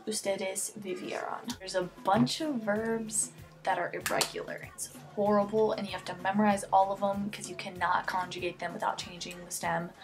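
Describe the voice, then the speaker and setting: A teenage girl giving a casual homemade Spanish grammar lesson, chatty and jokey, often sidetracked, speaking close to her computer mic. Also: mid-range voice. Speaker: amateur Spanish tutor. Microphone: computer webcam mic close up.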